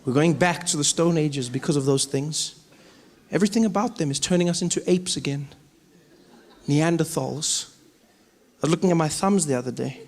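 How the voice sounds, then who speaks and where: Animated comedian. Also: male voice, fairly high pitch, moderate pace. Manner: animated storytelling with acted-out voices. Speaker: stand-up comedian. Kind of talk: stand-up comedy. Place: comedy stage before a live audience.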